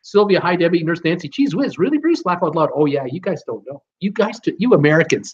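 A man's voice: high voice, big pitch swings, a little fast, few pauses. A middle-aged man from Canada hosting a casual live show, joking around and reading out viewer comments. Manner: chatty, jokey, reads out viewer comments. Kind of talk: casual live-stream chat. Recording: dull lo-fi stream audio.

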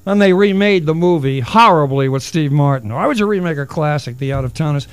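A man's voice: fairly high pitch, lively intonation, fairly quick, smooth, dry recording. A middle-aged man hosting a solo radio talk show, rambling and wisecracking with self-mocking asides. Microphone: studio broadcast mic.

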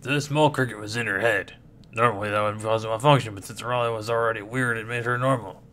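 A man's voice: lowish voice, fairly even intonation, quick pace, bright, forceful tone. A man reading a comic book aloud, switching voices for each character. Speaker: comic reader. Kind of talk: reading a manga aloud, doing all the voices.

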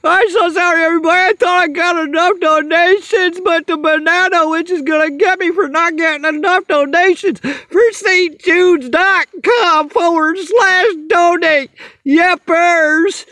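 Woman, very high voice, slow delivery, frantic comedic vlog skit. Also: fairly even intonation, a bit bright, no room sound. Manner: frantic, melodramatic panic with screams. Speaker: vlogger fundraising for charity.

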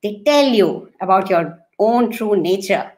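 A woman giving a talk to educators as a guest speaker, telling stories with expressive, deliberate emphasis. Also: medium pitch.

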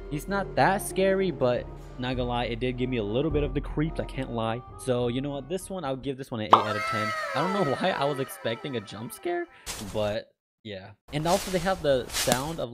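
A man giving casual, excitable reaction commentary as a video host, swearing freely and laughing often. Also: medium pitch.

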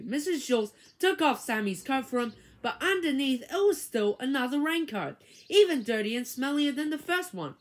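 A woman reads a children's book aloud with dramatic, expressive storytelling. Her voice is high and swings widely in pitch, rising and falling to build each moment. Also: normal speed. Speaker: reader.

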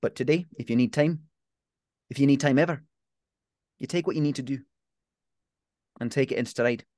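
A man voicing a tough but caring pub landlady from Glasgow in her late thirties, speaking in a gruff manner that softens into tenderness during a tabletop role-playing game. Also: mid-range voice, moderate pace, dry recording, studio quality, pitched above the performer's own voice, natural voice. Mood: tender, reassuring.

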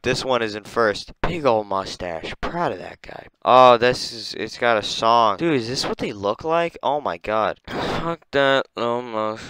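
A young man reacts to things on his screen in his bedroom, excitable and profane. His voice is smooth and resonant at a middle pitch, dropping to mumbles and then jumping up in loud disbelief. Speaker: streamer ranking animals. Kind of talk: casual reaction commentary.

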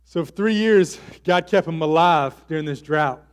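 A man's voice: on the high side, normal speed, big-room sound. A man preaching a sermon as pastor, telling the story casually with fillers and acting out the quotes. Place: church hall.

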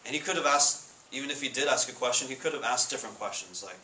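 A man giving a casual sermon to students, asking the room questions and reading scripture slowly. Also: mid-range voice, sharp tone. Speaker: Bible study speaker. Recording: echoey room with faint noise.

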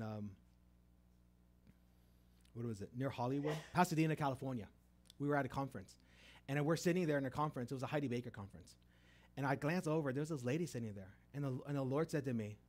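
A medium-pitched, middle-aged man preaches a sermon, telling stories with many restarts. He rises loud for emphasis and then drops soft.

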